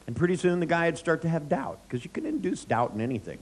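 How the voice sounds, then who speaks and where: Joking middle-aged seminar trainer. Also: male voice, on the high side, huge pitch swings, fast talker, a little mellow, a little hiss or hum. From United States. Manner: joking, anecdotal, quizzes the audience. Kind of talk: live seminar lecture to an audience.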